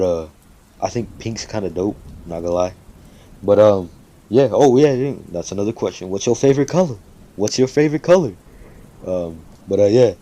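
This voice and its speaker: A man's voice: low voice, mellow. A man casually making up and telling a fan story, rambling with lots of fillers and swearing freely.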